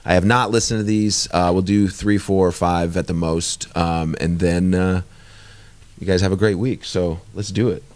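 A man's voice: low-pitched, fairly even intonation, normal speed, a little mellow, no room sound. A man hosting a podcast, telling rambling, laid-back stories with lots of fillers. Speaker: podcast host. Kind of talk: casual chat.

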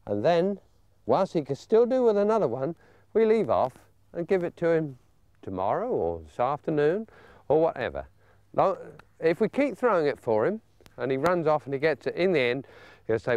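An older English man with a genial, chatty manner, explaining dog training and coaxing a pup in a high sing-song. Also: sing-song, normal speed, a little mellow, no room sound. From England. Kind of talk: outdoor training demonstration.

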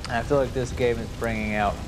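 A man's voice: medium pitch, fairly even intonation, fast, background noise. Casual Southern man narrating gameplay. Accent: light Southern US. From Georgia, US. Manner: casual, chatty, swears freely. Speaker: let's play host. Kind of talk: gameplay commentary. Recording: loud game sound behind.

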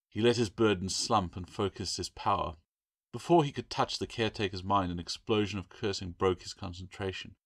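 A man reading his own novel aloud as a steady, measured audiobook narration. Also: sits low, no room sound, studio quality.

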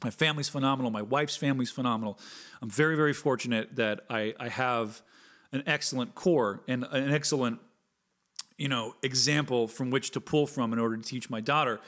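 A man's voice: medium pitch, a little fast, a bit bright. Guy in his 30s doing a solo podcast, kinda rambly and sincere, cusses casually. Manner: rambling, earnest, swears casually, many fillers. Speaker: podcast host and guitar teacher.

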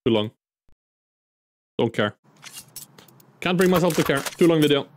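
A man's voice: a little high, animated, unhurried. A man streaming a shooter game, chatting casually, joking and griping about teammates with plenty of swearing. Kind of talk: casual gameplay commentary. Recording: streamed over loud game sounds and mouse clicks.

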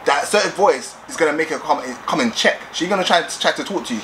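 A man's voice: a little high, lively intonation, quick pace, hardly any pauses, fairly bright tone, slight background noise, low-quality recording. A young man giving blunt dating advice in a casual vlog, repeating himself and using street slang. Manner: assertive, repetitive, streetwise slang.

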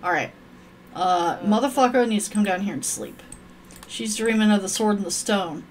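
A woman's voice: medium pitch, moderate pace, a little hiss or hum. A woman streaming a game, rambling to her viewers and cursing at her characters in crude, profane chat. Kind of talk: casual gameplay commentary.

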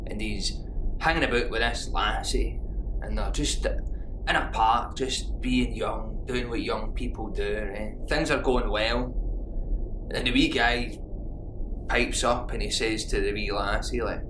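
A man telling a cheeky joke in a casual, drawn-out way, adding playful asides as he goes. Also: on the low side, steady tone. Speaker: joke teller. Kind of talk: casual comic storytelling. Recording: roomy distant mic with background noise.

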